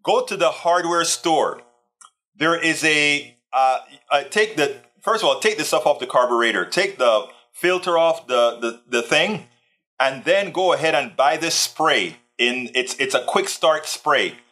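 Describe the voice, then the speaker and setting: A man hosts a casual live stream in a bright, slightly high voice. He rambles from one thing to the next in a chatty way, reading out his viewers' comments as he goes. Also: animated, unhurried. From Texas. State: tired, sore back. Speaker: livestream host.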